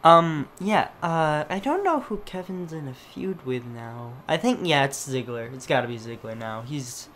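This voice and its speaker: Halting male co-host in casual chat, faint noise in the room. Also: on the high side, expressive, fairly bright tone. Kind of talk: casual wrestling review chat.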